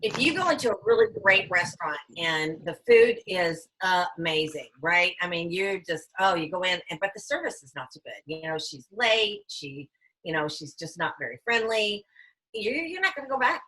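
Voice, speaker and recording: A woman's voice: lowish voice, animated, moderate pace, pushed and bright, breathy edge, low-quality recording. A woman giving an earnest sales talk on a video call and explaining her points with everyday examples.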